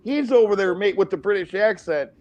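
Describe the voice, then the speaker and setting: A man's voice: high-pitched, animated, brisk, a little mellow, muffled recording. A man on a casual stream, teasing and provoking his friends and laughing at his own jokes. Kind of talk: casual banter.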